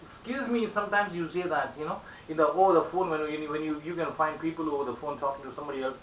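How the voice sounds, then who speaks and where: A man teaching communication skills, demonstrating polite phrases again and again in a lively voice and repeating them for practice. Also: a little high, rapid-fire. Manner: animated, repeats example phrases loudly and often. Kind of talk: spoken English lesson. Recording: echoey room, distant mic, dull hiss.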